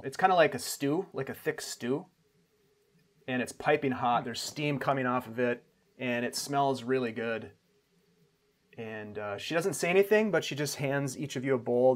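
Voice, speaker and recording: Brief: male game master, mid-pitched, easygoing scene-setting. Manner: relaxed narration with filler restarts. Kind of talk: narrating a tabletop game.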